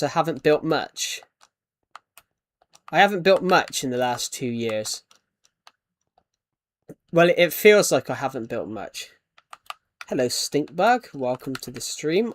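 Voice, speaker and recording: A young man with a British accent, chatting casually as he streams a game and thanks viewers. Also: a little high. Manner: chatty, thanks donors, trails off in restarts. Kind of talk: casual live-stream chat.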